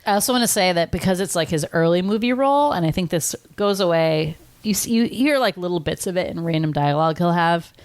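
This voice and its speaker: A woman's voice: fairly low pitch, expressive, fast, few pauses, smooth, no echo. A woman co-hosting a podcast, talking casually and enthusiastically as a fan, filling her speech with "like". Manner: enthusiastic fan, heavy use of "like". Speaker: podcast co-host. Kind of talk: casual chat.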